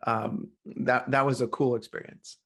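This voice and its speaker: A middle-aged man, a coach, telling a story as a podcast guest in a lively, animated way. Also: medium pitch, a little slow. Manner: animated storyteller, acts out quoted voices. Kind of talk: casual storytelling interview.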